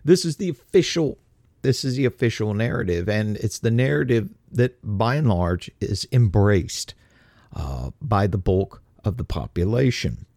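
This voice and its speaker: An older man hosting a talk radio monologue, speaking deliberately and slowing down to stress his points. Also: on the low side, expressive, vocal fry, darkish tone, no echo, studio quality. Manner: deliberate, slows for emphasis. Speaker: radio host.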